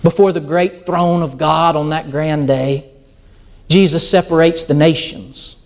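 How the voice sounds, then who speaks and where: A man's voice: on the high side, measured pace, creaky. A middle-aged man giving a sermon as a pastor, telling stories and acting out quoted dialogue. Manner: animated storytelling, acts out quoted dialogue.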